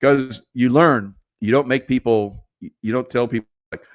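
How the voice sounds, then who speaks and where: Middle-aged male host, lowish voice, rambling conspiratorial storyteller who chuckles a lot, close dry recording. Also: brisk, no room sound. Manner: rambling, conspiratorial, laughs often. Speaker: podcast host. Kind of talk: casual storytelling monologue.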